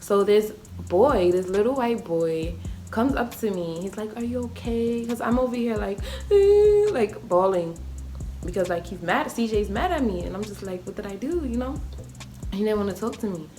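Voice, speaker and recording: A young woman telling a storytime vlog, chatty and full of fillers, jumping up high when she acts out what people said. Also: normal speed, a little mellow, faint music behind. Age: young adult. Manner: acts out quoted voices with sudden high pitch. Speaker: vlogger. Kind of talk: casual storytime.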